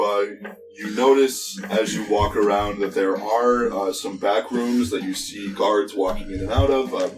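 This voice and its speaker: A young man as dungeon master, narrating loosely with lots of fillers, recorded from a distance with music behind. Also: mid-range voice. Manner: loose, filler-heavy, laughs a lot. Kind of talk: running a tabletop game, casual. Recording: distant mic with background music.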